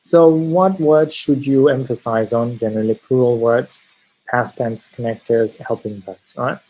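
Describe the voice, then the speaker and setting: Husky-voiced man teaching test prep. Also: mid-range voice, fairly even intonation, normal speed, darkish tone, low-quality recording. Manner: frequent tag questions, stresses key words. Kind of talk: spoken lesson on exam pronunciation.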